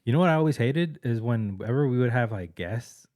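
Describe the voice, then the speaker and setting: A young man co-hosting a podcast, slangy and animated, acting out people in his stories. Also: mid-range voice, brisk. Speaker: podcast co-host. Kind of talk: casual chat.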